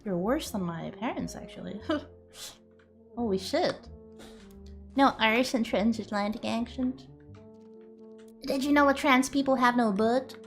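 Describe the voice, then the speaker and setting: A woman's voice: on the high side, a little slow, long pauses, soft background music. A woman streamer chatting casually and playfully with her viewers, rambling and joking crudely.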